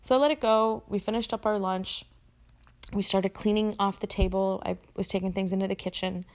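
Woman with a gravelly, creaky voice. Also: medium pitch, steady tone, brisk, a little mellow. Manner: conversational, with fillers and self-corrections. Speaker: storyteller. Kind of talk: personal story told casually.

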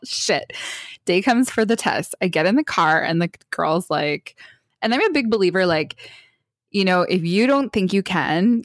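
A woman's voice: lowish voice, dry recording, studio quality. A woman co-hosting a casual chat, telling a story with lots of laughter and acted-out quotes. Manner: animated storyteller who acts out quotes and laughs often.

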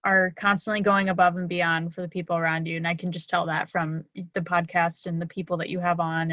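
Bright enthusiastic woman guest, lo-fi line. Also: lowish voice, dry recording. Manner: enthusiastic, encouraging. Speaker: podcast guest. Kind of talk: casual podcast chat.

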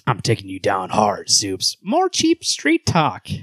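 A man voicing a gruff, taunting male superhero in a low, slow put-on voice while reading comic dialogue aloud. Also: wildly swooping pitch, a bit bright, dry recording, heavily acted. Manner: low slow growl, mocking read.

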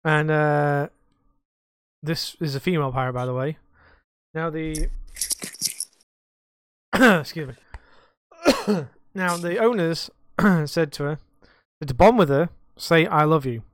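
A man co-hosting a podcast, his voice sitting slightly high for a man. He tells rambling stories casually and swears freely. The recording is dry, with little room sound. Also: slow, pauses often, clear, resonant tone, dry recording. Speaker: podcast co-host; bar worker.

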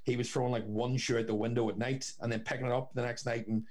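A man's voice: mid-range voice, flat delivery, fast talker, darkish tone. A young man, telling rambling stories in casual chat and swearing freely.

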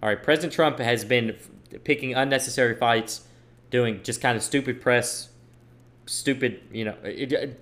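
A young man giving an opinion monologue on politics, emphatic and repeating phrases for stress while he reads posts aloud. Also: mid-range voice. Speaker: political commentator.

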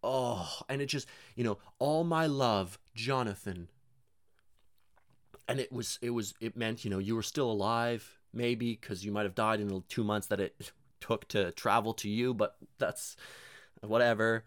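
A man's voice: fairly low pitch, fairly even intonation, moderate pace, a bit bright, no room sound, studio quality. A young man rambling casually and profanely in a self-deprecating monologue, full of fillers and restarts.

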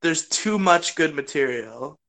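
Brief: excitable podcast co-host, gushes and giggles, mid-pitched voice. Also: unhurried, background noise. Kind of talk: casual chat.

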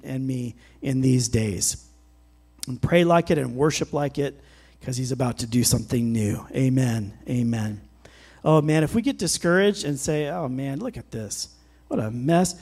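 A middle-aged man preaching a sermon as pastor, fervent and emphatic, swelling louder on scripture and exhortations. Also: mid-range voice.

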